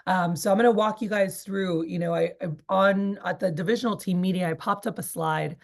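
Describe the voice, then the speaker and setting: A woman's voice: fairly low pitch, steady tone, brisk, creaky. A woman in her thirties leading a sales training session, chatty and rambling with many fillers. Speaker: sales team leader. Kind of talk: casual training talk.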